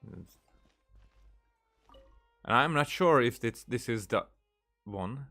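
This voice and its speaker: A man's voice: mid-range voice, animated, slow pace, creaky, long pauses, pushed and bright, soft background music. A man giving casual let's-play commentary, exasperated and talking back at the game. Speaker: gamer.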